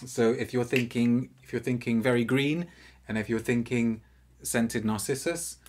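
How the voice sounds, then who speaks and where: A man hosting an unscripted live review, chatty and animated, with frequent restarts. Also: medium pitch, moderate pace, slight background noise. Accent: non-French, anglicised French pronunciation.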